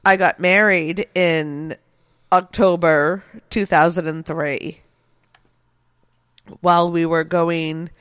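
A middle-aged woman co-hosting a podcast, chatting in an animated, emphatic way. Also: fairly low pitch, slow, pauses often, smooth, dry recording. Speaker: podcast co-host. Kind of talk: casual chat.

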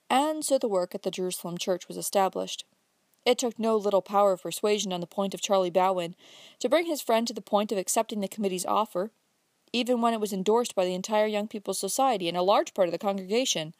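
A woman narrating a novel in a measured, even reading voice. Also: mid-range voice, no echo, studio quality. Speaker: audiobook reader. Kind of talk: scripted narration.

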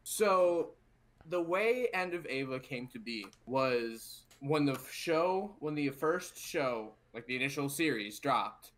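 Bright-voiced guy telling a story. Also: medium pitch, slow. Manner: animated storytelling, profane, with rhetorical "right?". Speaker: podcast co-host. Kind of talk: casual chat.

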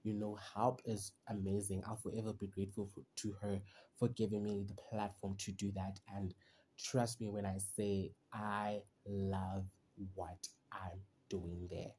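Rambling from one disconnected thought to the next, this young solo podcast host keeps things chatty and heartfelt, peppered with "like" and "you know." He speaks in a mellow, lowish voice with little pitch movement at a moderate pace, over slight background noise.

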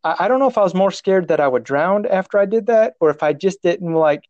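A man with a slightly high voice tells a story in loose conversation. He rambles, restarts his sentences and laughs at his own embarrassment. The sound is dry and close. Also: lively intonation, brisk, darkish tone, no room sound, dull audio. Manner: rambling, self-mocking, restarts often, laughs at himself. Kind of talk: casual storytelling.

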